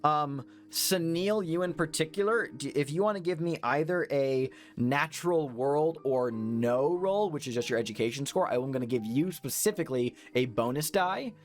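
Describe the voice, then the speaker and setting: A man's voice: a little high, animated, moderate pace, hardly any pauses, faint music behind. A man narrating as game master for a horror tabletop game, rambling with many fillers.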